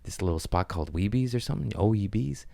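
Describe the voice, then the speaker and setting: A man hosting a comedy podcast, riffing in a rambling, crude way with sudden loud bursts. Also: fairly low pitch, lively intonation, quick pace, creaky, no room sound. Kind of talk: casual comedic rant.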